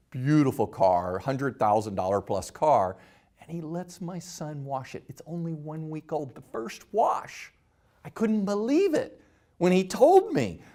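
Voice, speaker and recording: A middle-aged man hosts his own talk and tells a personal story. He talks at a medium pitch and acts out the quoted lines with animation. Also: darkish tone. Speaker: host.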